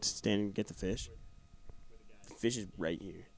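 A young man co-hosting a casual podcast, telling an animated story with lots of filler words. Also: fairly low pitch, moderate pace, creaky, slight background noise. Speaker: podcast co-host. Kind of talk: casual chat.

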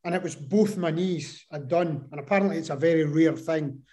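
A man as an interview guest, telling a personal story in an animated way and acting out the voices he quotes. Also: on the high side, moderate pace.

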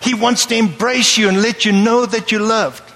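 A man preaching a sermon to a live audience in a lively, playful way, often checking that his listeners follow him. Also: high-pitched, normal speed. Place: church hall with a live audience. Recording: long hall reverb.

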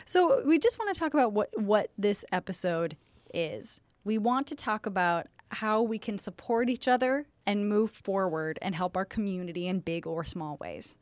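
A woman's voice: mid-range voice, lively intonation, normal speed, few pauses, no echo. A woman with a Chicago accent, co-hosting a podcast in playful casual chat and laughing often. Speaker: podcast co-host.

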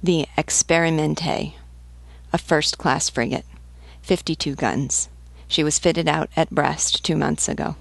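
A woman's voice: sits low, fairly even intonation, measured pace, creaky, no echo, heavily acted. Woman reading as a matter-of-fact male ship's pilot. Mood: factual.

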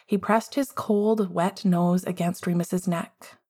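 Calm woman reading a story. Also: fairly low pitch, slow pace, husky. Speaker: audiobook reader. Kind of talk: storybook narration.

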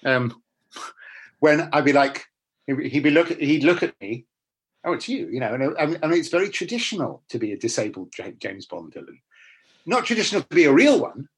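Husky middle-aged guy, actor chatting in an interview, blunt, voice bouncing all over. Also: fairly high pitch, brisk. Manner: animated, blunt storyteller with frequent restarts. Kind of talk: casual interview chat.

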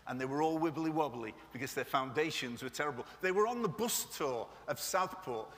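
A man's voice: sits high, sharp tone. A man preaching a live sermon to his congregation, chatty and joking as he speaks straight to the room. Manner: jokey, chatty preacher who addresses the room directly. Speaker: pastor. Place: church hall with live audience. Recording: long hall reverb.

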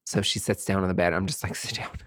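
A man's voice: low voice, little pitch movement, fast talker, fairly bright tone. Campy, chatty man telling stories. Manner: campy, chatty, profane, calls listeners sweetie. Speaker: podcast host. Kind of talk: casual storytelling monologue.

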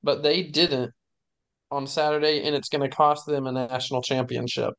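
A man's voice: medium pitch, flat delivery, moderate pace, fairly bright tone, smooth. A man on a casual sports podcast, thinking aloud as he compares games. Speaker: podcast co-host.

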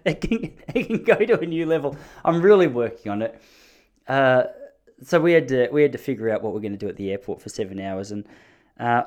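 A man in his thirties telling rambling, joking stories in a casual monologue, often mocking himself. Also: medium pitch.

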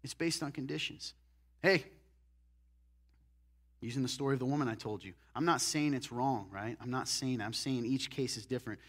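A man preaching a sermon as pastor, animated, moving between loud emphatic lines and hushed, intense ones. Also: mid-range voice, normal speed, long pauses.

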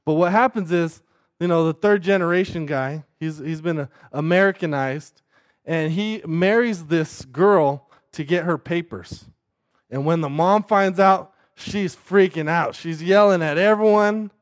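A man's voice: a little high, unhurried. A man preaching a sermon who keeps asking the listeners "right?" and often repeats words as he restarts his sentences.

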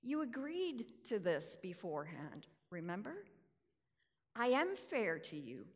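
A calm, generous landowner as a woman preacher voices him. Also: medium pitch, slow pace, pitched below the performer's own voice, full character voice. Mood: gentle. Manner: gentle, patient explaining. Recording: reverberant hall.

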